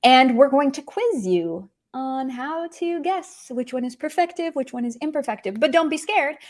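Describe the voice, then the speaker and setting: Animated woman teaching a language lesson. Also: high voice, moderate pace. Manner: animated, emphatic, repeats key points.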